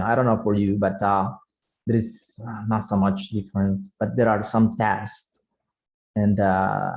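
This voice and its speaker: Male English teacher, slow-paced, somewhat low voice, patient explainer with second-language English. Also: creaky, warm tone, lo-fi sound. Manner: unhurried, frequent "yeah?" checks, second-language English. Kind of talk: slow online grammar lesson.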